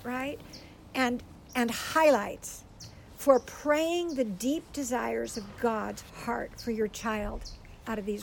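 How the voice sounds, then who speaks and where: An older woman giving a gentle, earnest faith teaching to a group, tearful at times as she speaks. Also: fairly high pitch, gravelly, a little hiss or hum, low-quality recording. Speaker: speaker teaching on prayer for children.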